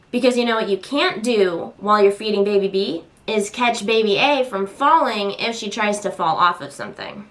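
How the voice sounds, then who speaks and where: A young woman vlogging as a mom, chatting casually and venting with exasperation, popping into high squeals when she acts out voices. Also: animated, moderate pace, few pauses, fairly bright tone.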